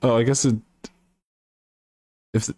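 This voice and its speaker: A man's voice: mid-range voice, little pitch movement, slow pace, dark tone, no room sound. A man hosting a casual chat, thinking aloud and correcting himself as he goes.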